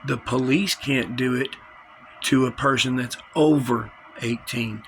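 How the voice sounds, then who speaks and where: A man's voice: medium pitch, steady tone, measured pace, a little hiss or hum, rough recording. A man delivering an angry, confrontational vlog rant, full of threats and repetition. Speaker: vlogger. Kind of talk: angry direct-to-camera rant.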